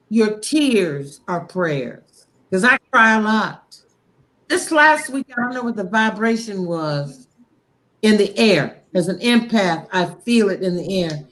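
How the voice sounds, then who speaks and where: A woman talks about faith in an impassioned, preachy way. Her speech is slow and drawn out, and she lets blunt swearing slip in. Her voice sits at an ordinary middle pitch for a woman. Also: expressive, fairly bright tone. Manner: impassioned, preachy, frank with profanity; slow, deliberate delivery. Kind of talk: casual faith talk on a show.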